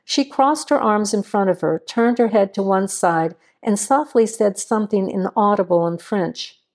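A woman narrating a crime story in an even, measured reading. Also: mid-range voice.

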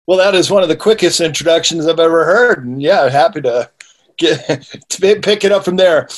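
A male author being interviewed, with a slightly high voice. He explains in a steady, measured way and restarts his phrases now and then. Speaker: author and guest.

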